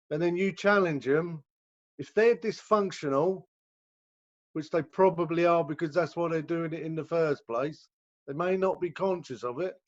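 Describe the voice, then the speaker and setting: A man who runs a rehab center, explaining recovery in a casual talk over a video call and acting out the people in his examples. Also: on the high side. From England. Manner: conversational, acts out quoted voices. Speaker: rehab director. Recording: dull lo-fi video call audio.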